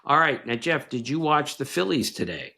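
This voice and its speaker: An older man with a nasal voice, mid-pitched and ordinary in tone. He chats casually on a podcast, teasing and quizzing his son before reeling off numbers. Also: big pitch swings, normal speed, creaky, bright, forceful tone. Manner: teasing, quizzing, rattling off stats. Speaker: podcast co-host, baseball writer.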